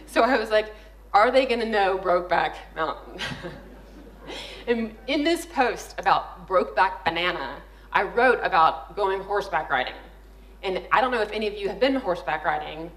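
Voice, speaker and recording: A woman's voice: fairly low pitch, a bit bright. A woman speaker at a conference, telling funny, candid stories and acting out the voices she quotes. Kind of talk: storytelling talk on stage. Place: conference hall. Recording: echoey hall.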